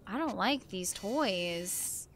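A woman's voice: medium pitch, lively intonation, very slow, fairly bright tone. A woman gamer commenting to herself as she plays a horror game, full of "like", swearing and nervous gasps, on a noisy home recording. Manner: talks to herself, filler "like", swears and gasps when startled. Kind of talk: casual let's-play commentary.

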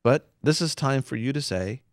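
A man's voice: mid-range voice, lively intonation, normal speed, no room sound, studio quality. A man hosting a Christian talk show, speaking emphatically like a preacher and repeating points for stress.

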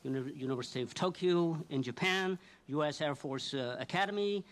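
A man introduces a guest speaker at a formal event, reading out a biography with frequent "uh"s and hesitations. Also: a little high. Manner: halting, with frequent "uh" while reading a bio.

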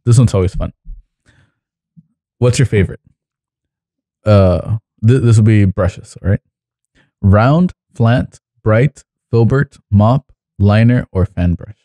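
A man hosting a podcast, easygoing and asking quick-fire questions in casual chat. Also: on the low side, dark tone, no echo. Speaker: podcast host.

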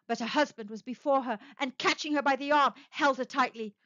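A woman's voice: on the high side, steady tone, moderate pace, a bit bright, dry recording. Woman telling an eerie story dramatically. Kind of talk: scripted story narration. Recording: dull, dry lo-fi recording.

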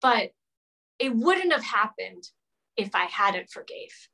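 Woman guest telling her story, heartfelt, bright and a bit high. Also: big pitch swings, slow, vocal fry, poor audio. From Rhode Island. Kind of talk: emotional personal story in interview.

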